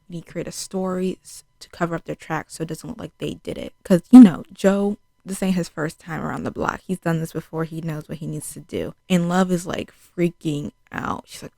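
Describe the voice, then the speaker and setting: A woman's voice: on the low side, steady tone, brisk, creaky, mellow, no echo. A young woman recapping a TV series in a chatty, casual way, peppering her talk with "like" and acting out quotes. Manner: chatty, fills speech with "like", acts out quotes. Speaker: TV show reviewer. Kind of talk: casual spoken show recap.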